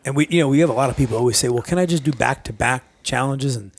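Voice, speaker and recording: A man who works as a coach, guesting on a podcast and telling stories eagerly, quick to agree. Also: medium pitch, vocal fry. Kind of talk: casual chat.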